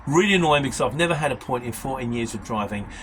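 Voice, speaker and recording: Reading viewer comments aloud, this Q&A host responds with opinionated, wandering answers in a casual chat. He speaks quickly and expressively in a medium-pitched, slightly bright voice, and there's a little hiss or hum.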